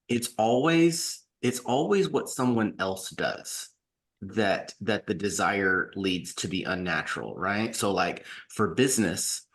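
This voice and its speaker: Male panelist, lowish voice, wry and orderly delivery. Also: fairly bright tone. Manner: wry, lays out points in a list. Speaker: podcast panelist. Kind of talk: casual panel discussion.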